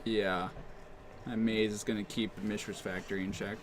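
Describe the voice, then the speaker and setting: A man's voice: on the low side, little pitch movement, normal speed, slight background noise. A man giving casual live commentary on a card game match, thinking aloud with plenty of fillers. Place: game store.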